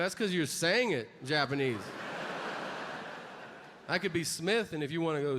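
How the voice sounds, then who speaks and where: A male stand-up comedian telling a story on stage, acting out the people in it with sudden loud outbursts. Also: a little high, animated, measured pace, long pauses. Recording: live hall with long reverb and audience noise.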